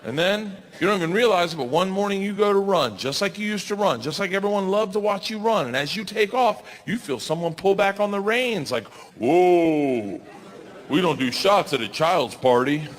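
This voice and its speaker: A man in his forties from the United States, doing a stand-up comedy routine with loud, animated storytelling. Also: high-pitched, a little fast, hardly any pauses. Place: large theater stage. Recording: live in a large hall with crowd. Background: audience laughter and noise.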